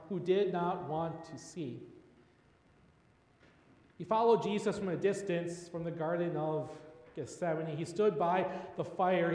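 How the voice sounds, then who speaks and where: A man preaches a sermon in an earnest, storytelling way, letting his voice sink quietly at dramatic pauses. His voice sits a little high for a man. The recording has the roomy echo and long reverb of a church sanctuary. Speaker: pastor.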